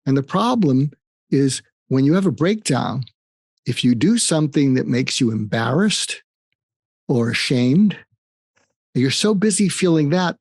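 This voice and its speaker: A man's voice: mid-range voice, darkish tone, dry recording. Older man, psychiatrist guest, storytelling, emphatic repetition, dry close sound. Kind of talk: conversational interview advice.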